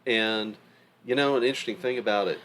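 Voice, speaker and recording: A man's voice: on the low side, a little fast, slight background noise. A middle-aged man co-hosting a podcast, talking in a casual, emphatic way. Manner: animated, emphatic storytelling. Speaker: podcast co-host. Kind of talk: casual conversation.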